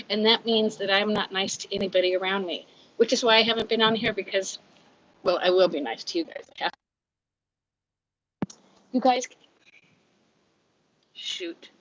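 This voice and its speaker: A woman's voice: mid-range voice, bright, forceful tone, lo-fi sound. A woman in her fifties with a Californian accent, hosting a casual live chat from home, out of breath, candid and chatty, reading comments aloud and laughing often. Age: 50s. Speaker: livestream host.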